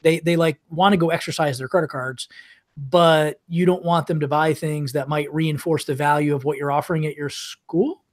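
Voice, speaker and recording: A man's voice: on the high side, steady tone, moderate pace. A man co-hosting a casual chat, making his point with rhetorical questions.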